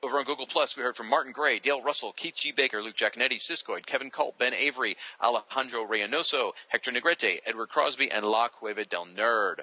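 A man hosting a podcast, casually reading out listener shout-outs and stumbling over names now and then. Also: medium pitch, fast, hardly any pauses, no echo, rough recording. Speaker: podcast host.

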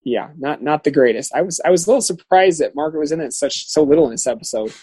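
A man co-hosting a casual chat, agreeable and quick with many fillers. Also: on the high side, lively intonation, warm tone, slightly rough, dry recording, rough recording. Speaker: podcast co-host.

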